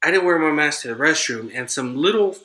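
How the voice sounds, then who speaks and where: American guy, guest on a podcast, bright voice that jumps around a lot, blunt and swears. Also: on the high side, animated, brisk. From United States. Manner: blunt, emphatic storyteller. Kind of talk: casual profane chat.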